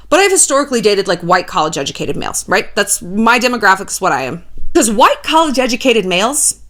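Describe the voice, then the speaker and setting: A woman doing a casual commentary vlog, chatty and profane, full of "like.". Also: medium pitch. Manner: animated, profane, chatty with filler 'like'. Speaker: YouTuber commentator.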